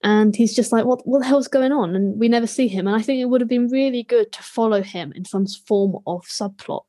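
A woman's voice: medium pitch, a little fast, mellow. A woman co-hosting a podcast, reviewing a TV episode in casual chat with a wry, lightly sarcastic manner. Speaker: podcast co-host.

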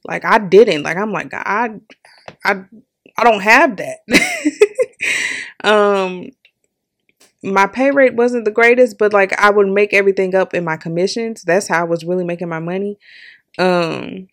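Young female podcaster, storytelling monologue, candid, animated, lots of laughs. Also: mid-range voice, a little slow, pauses often. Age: young adult. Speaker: podcast host. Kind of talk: personal storytelling.

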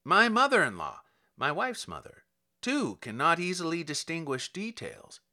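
A man's voice: on the high side, huge pitch swings, normal speed, bright, forceful tone, full character voice. A man voicing a courteous, long-winded police officer who explains at length. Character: polite, rambling middle-aged male police officer.

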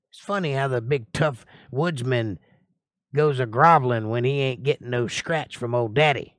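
A man's voice: moderate pace, a bit bright, no room sound. A man teaching a livestream Bible study, reading scripture aloud and breaking in with casual, joking commentary. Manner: voices the figures in the reading with rising pitch and a whiny tone.

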